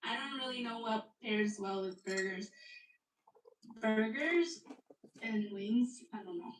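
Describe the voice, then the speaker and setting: A woman's voice: on the high side, takes it slowly, far from the mic, slight background noise. A woman guest in a casual livestream chat, speaking hesitantly and unsure of herself. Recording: roomy, from off-mic.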